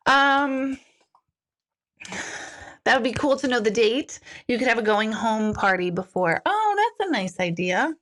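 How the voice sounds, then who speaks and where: Chatty woman hosting a spiritual livestream. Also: a little high. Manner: chatty and animated, quick asides and self-deprecating laughs. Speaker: spiritual medium hosting a live Q&A. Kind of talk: casual livestream chat reading viewer comments.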